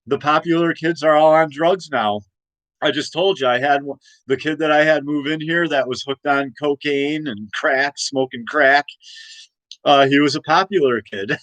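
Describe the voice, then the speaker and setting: A man's voice: mid-range voice, fairly bright tone, no echo, poor audio. A man ranting in a casual livestream, rambling and emphatic with many restarts. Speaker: livestream host. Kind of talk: casual political rant. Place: home room.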